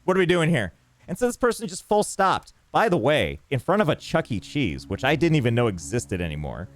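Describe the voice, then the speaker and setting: Animated ranting male streamer. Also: medium pitch, brisk. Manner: animated ranting storyteller, reads chat. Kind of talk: casual gameplay live-stream chat.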